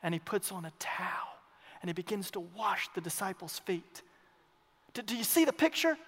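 A man preaching a sermon as pastor, emphatic, swinging between loud declarations and hushed asides, repeating his phrases. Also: high voice, very animated, normal speed, creaky. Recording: long reverb of a large hall.

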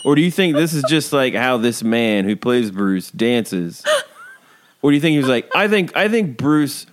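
A man's voice: medium pitch, normal speed, slight background noise. A man co-hosting a casual chat, sarcastic and incredulous as he picks apart a TV episode. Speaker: podcast co-host.

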